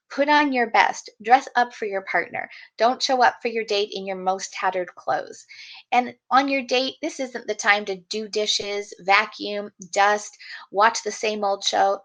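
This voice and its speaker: A woman's voice: medium pitch, a bit bright. A middle-aged woman, a relationship coach giving an upbeat, encouraging presentation at a wedding event. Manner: upbeat, encouraging, speaks directly to the audience.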